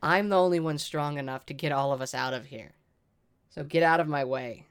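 Player doing a ruthless adventurer, bossy and mocking, high and loud, clean voice. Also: a little fast, clear, resonant tone, lightly acted. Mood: cold. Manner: taunting, commanding. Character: ruthless adventurer, cold and confident.

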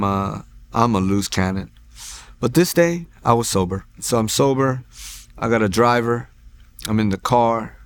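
A man's voice: mid-range voice, clean tone. A man in his forties sharing a personal faith testimony in a church, telling it in an earnest, rambling way with restarts and asides.

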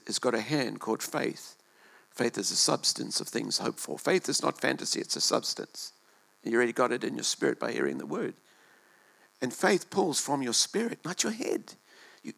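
Gravelly preacher swinging loud to hushed. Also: male voice, medium pitch. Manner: impassioned, swinging between loud and hushed, repeating words. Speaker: pastor. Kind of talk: sermon. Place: church.

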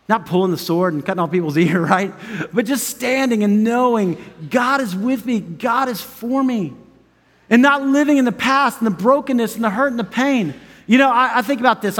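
A high-voiced pastor preaches a sermon in a large hall with long reverb. His emphatic delivery swings from loud urgency to hushed intimacy, with chuckles between phrases.

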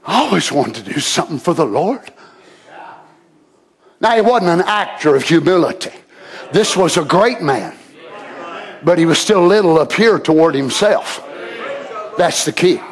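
A man preaching a sermon, swinging from shouted, drawn-out lines to low murmurs. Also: very animated.

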